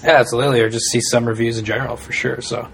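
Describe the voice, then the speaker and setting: A man's voice: mid-range voice, flat delivery, racing, gravelly, fairly bright tone. A man co-hosting a casual podcast, easygoing and loose, with lots of "uh" and "like" and laid-back slang. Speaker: podcast co-host. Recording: faint background noise.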